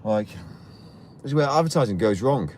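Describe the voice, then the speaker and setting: Hosting a live stream from a vehicle, a man rants in a heated, indignant way and keeps repeating himself. His medium-pitched voice is animated, at normal speed, a little mellow, with a little hiss or hum.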